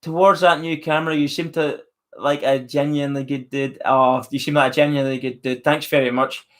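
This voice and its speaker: A man's voice: a little high, level tone, a little fast, a bit bright. Chatty Northern Irish man. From Northern Ireland. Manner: chatty, friendly, reads viewer names aloud. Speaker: live stream host. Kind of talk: casual live chat reading comments.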